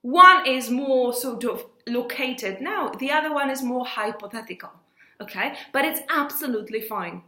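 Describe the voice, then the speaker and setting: A woman teaching an English lesson in a lively, animated way, slowly stretching out her example phrases. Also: sits high, roomy sound.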